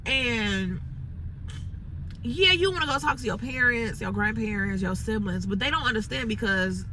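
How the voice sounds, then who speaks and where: Bright-voiced woman venting in her car. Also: medium pitch, slight background noise, poor audio. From Chicago. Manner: frustrated, rambling, lots of "like" fillers. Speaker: entrepreneur vlogger. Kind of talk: unscripted venting monologue. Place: inside a parked car.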